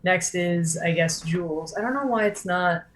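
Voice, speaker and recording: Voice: medium pitch, moderate pace, a bit bright, low-quality recording. Rambling game master narrating. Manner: rambling, many fillers like "like". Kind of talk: narrating a tabletop game over voice chat.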